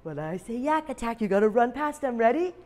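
A woman teacher runs a phonics lesson for young children in an animated, sing-song voice pitched a little high. She lets out dramatic shouts to keep the class playing along. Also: a little fast, a little hiss or hum.

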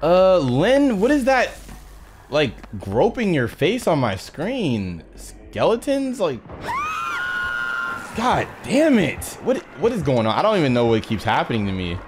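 A man's voice: on the high side, wildly swooping pitch, unhurried, slight background noise. A young man doing nervous let's-play commentary, swinging between muttered self-talk and shrieks and cursing a lot. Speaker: gaming YouTuber. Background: game music.

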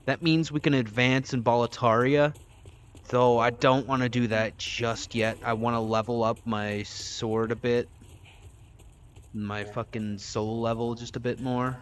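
A man's voice: mid-range voice, flat delivery, measured pace, a little hiss or hum. A man giving casual let's-play commentary, crude and profane, joking and talking back at the game as he plays. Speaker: gameplay streamer.

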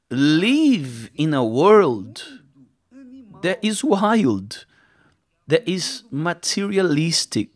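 A man preaching a sermon in English with a Brazilian Portuguese accent, deliberate and emphatic, repeating key phrases. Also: a little high.

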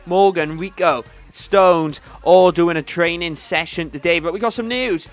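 A young man calls the action of a football video game in an upbeat, excitable voice, addressing his viewers directly. His voice sits high, with faint music playing underneath. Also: unhurried. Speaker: gaming video host. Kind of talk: game commentary.

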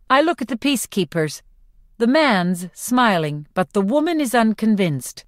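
Expressive woman narrating an audiobook. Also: on the high side, normal speed, no echo, studio quality. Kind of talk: scripted first-person novel narration.

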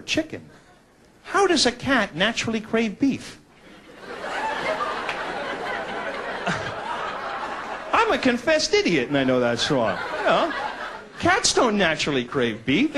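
A man doing a stand-up routine on a club stage, animated and jumping into voices. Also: high voice. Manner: animated, jumps into put-on voices. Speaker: stand-up comedian. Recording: noisy club recording with audience.

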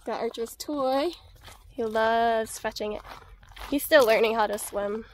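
A woman's voice: a little high, a little slow. A woman from Minnesota, chatting casually in a travel vlog by a lake, laughing often and coaxing her dog. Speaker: vlogger. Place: outdoors by a lake.

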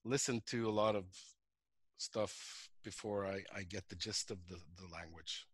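A man from Norway, a guest actor chatting in an interview in a relaxed, halting way, often restarting. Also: on the low side, slightly rough, no room sound. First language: Norwegian. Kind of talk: casual interview chat.

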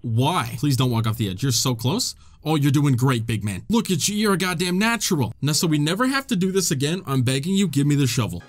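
A man giving excitable, joking gameplay commentary, laughing often and talking to the characters on screen. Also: a little high, a little fast, few pauses. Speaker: gamer.

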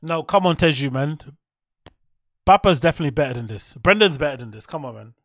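A man's voice: a little high, lively intonation, fast talker, heavy background noise. A man hosting a stream, giving blunt, profane reaction commentary on comedy clips and laughing often.

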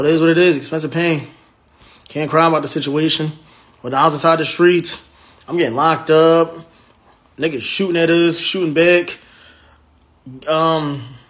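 A man's voice: a little high, a bit bright. A man hosting a casual phone livestream, talking in a brash, profane and rambling way. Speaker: livestream host, rental car business owner.

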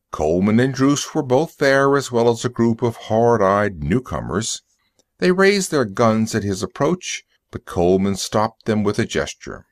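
Slow, deliberate male story narrator. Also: fairly low pitch, no room sound, clean studio sound. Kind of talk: scripted story narration for English learners.

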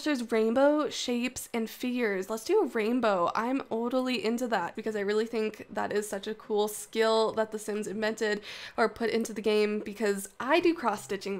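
Excitable young woman gushing over gameplay. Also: fairly high pitch. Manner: gushing, excitable, frequent gasps. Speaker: gaming channel host. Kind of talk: casual gameplay commentary.

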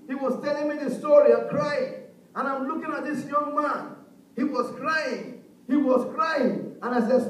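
A male pastor preaching a sermon, rising into shouted declarations and call-and-response. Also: very high voice, steady tone, moderate pace. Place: church hall. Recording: echoey hall, mic far off, faint noise.

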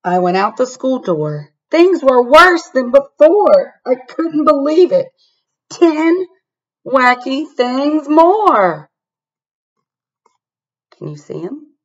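A woman reads a picture book aloud to children, slowly and with a voice that leaps up and down. She keeps inviting the young listeners to look and count along. Her voice comes through a laptop webcam, dull and lo-fi. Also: sits high. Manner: animated, asks the listener to find things. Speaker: storybook reader.

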